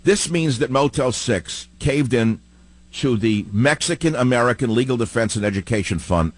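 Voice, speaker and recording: A man hosting a political talk radio show, delivering a combative monologue full of rhetorical questions and emphatic repetition, swinging between loud outbursts and low muttering. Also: expressive, normal speed, dry recording.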